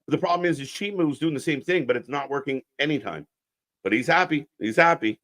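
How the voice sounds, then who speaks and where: Slightly high-pitched, animated, a little fast and a bit bright, this man runs a live wrestling watch-along. He offers unscripted alternative commentary, addressing his chat with sarcastic, blunt, heavily profane riffs.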